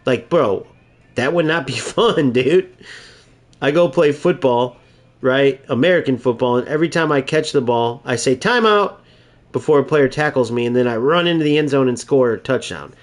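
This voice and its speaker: A man's voice: medium pitch, normal speed. A young man, a gaming YouTuber, ranting in mocking, exasperated gameplay commentary.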